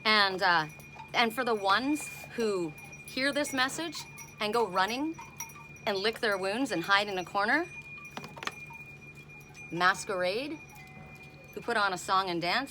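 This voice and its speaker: A middle-aged woman doing an oracle card reading outdoors, blunt and indignant in her asides. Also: medium pitch. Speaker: tarot and oracle card reader.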